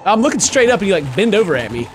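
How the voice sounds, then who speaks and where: A man giving comedic gameplay commentary, joking around and shouting at game characters. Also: high-pitched, sing-song, very fast. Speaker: gaming channel host. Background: game music.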